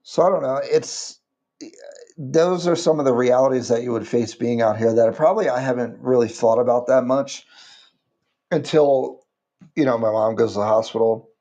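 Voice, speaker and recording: A man in his thirties from the United States, chatting casually on a livestream and rambling with halting restarts. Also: medium pitch, dark tone. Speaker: livestream vlogger.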